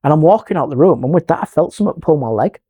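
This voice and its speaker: A man's voice: a little high, racing, husky. A middle-aged man, a paranormal investigator, telling a ghost story in casual chat and acting out the voices in it. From England. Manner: animated, acts out quoted voices, drops to a hush.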